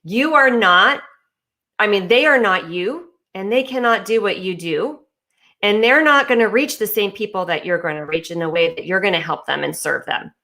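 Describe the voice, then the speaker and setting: A woman's voice: medium pitch, normal speed, sharp tone. A woman speaking as a business coach, giving an emphatic motivational talk with repeated phrases, restarts and fillers. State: talking with ice in her mouth briefly.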